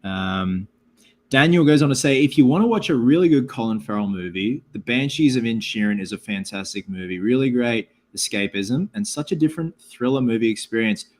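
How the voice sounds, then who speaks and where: Male live-stream host, mid-pitched, loose and rambling, reads out viewer comments between tangents. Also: animated, brisk, a little mellow. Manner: rambling and chatty, many filler words. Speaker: livestream host. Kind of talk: casual live-stream Q&A chat.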